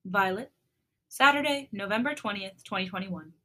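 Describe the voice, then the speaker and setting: Podcast co-host, female, bright voice, mid pitch, giggly storybook reading. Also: normal speed. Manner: giggly, reacts with laughter, steady storybook reading. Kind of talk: reading fan fiction aloud and chatting.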